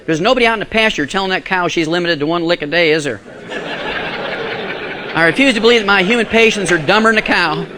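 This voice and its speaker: A man's voice: high-pitched, quick pace, noisy background. A man giving a live health lecture to an audience, folksy and emphatic, full of rhetorical questions.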